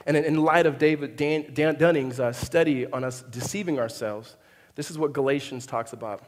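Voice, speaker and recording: A man preaching a sermon as pastor, animated, often restarting and acting out the voices he quotes. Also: medium pitch, moderate pace. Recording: reverberant hall.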